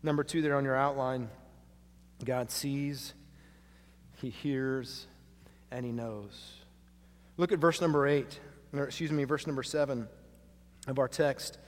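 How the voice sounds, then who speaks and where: A man preaching a sermon as pastor, dropping to hushed lines and rising to loud, emphatic ones. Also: mid-range voice, measured pace, pauses often. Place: church sanctuary. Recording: long hall reverb.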